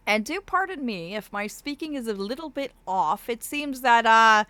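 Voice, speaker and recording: Woman streamer doing a fey persona, bright voice, calls everyone darling, lots of laughs, speech a bit off from a swollen cheek, dry close mic. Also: on the high side, no echo. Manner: theatrical and fond, calls viewers darlings, laughs often. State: speech slightly impeded by a swollen cheek wound. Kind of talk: casual live-stream chat, reading out viewer messages.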